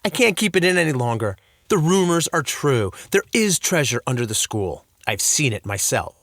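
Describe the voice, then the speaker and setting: A man's voice: on the high side, very animated, normal speed, fairly bright tone, dry recording, studio quality, pitched above the performer's own voice, heavily acted. A man voicing a nervous elderly male school janitor who stammers as he blurts out a confession, in a storybook reading. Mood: anxious.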